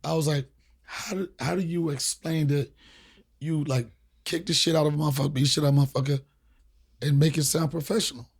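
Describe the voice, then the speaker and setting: Man, podcast host, gravelly voice, somewhat high pitch, animated profane storyteller, from the D.C. area. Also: fairly quick. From Washington, D.C. area. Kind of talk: casual storytelling chat.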